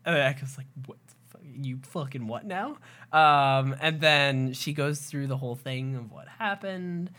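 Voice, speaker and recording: Woman co-host rambling through her episode notes, bright tone, animated, swears a lot. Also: a bass voice, unhurried. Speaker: podcast co-host. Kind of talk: casual chat recapping a TV episode.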